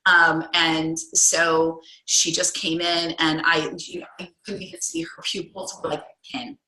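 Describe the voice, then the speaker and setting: A woman's voice: deep voice, little pitch movement, a little slow, bright, forceful tone, roomy sound, poor audio. A young woman coaching a group call, telling a story in a casual, rambling way with many restarts and fillers.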